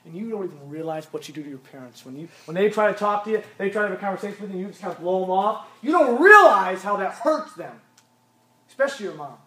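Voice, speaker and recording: A man's voice: high-pitched, animated, fast, sharp tone, husky. A man in his thirties preaching to teenagers, emphatic and repetitive, hammering home each point. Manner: emphatic, repeats commands for stress. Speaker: youth pastor. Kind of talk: sermon.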